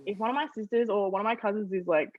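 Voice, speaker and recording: A young woman from Australia, a guest on an interview podcast, telling family stories in an animated way and laughing often. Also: medium pitch, rapid-fire, dry recording, phone-quality sound. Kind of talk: casual storytelling interview.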